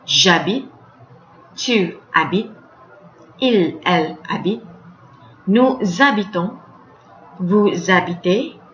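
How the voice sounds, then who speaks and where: Slow woman teaching French. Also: medium pitch, animated, a bit bright, slight background noise. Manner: spells words letter by letter, repeats each example. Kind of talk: slow spelled-out language lesson. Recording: lo-fi, echoey room.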